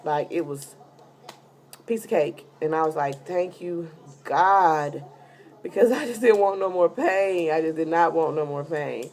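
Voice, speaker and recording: A woman's voice: low-pitched, moderate pace, a little mellow. A heavily pregnant woman telling a rambling, casual story in a vlog, full of fillers. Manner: chatty, rambling with many fillers. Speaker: vlogger giving a pregnancy update.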